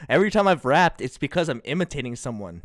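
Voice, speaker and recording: A man's voice: on the high side, very animated, fast talker, no echo, studio quality. A man in his thirties streaming live, chatting casually, laughing and trying out rap voices.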